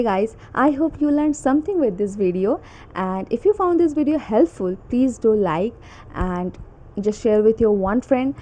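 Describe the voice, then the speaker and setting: A young woman with a fairly high, mellow voice runs her own English learning channel. She gives a casual pronunciation lesson she made herself, sounding a little nervous and often tossing in "okay?" and "like".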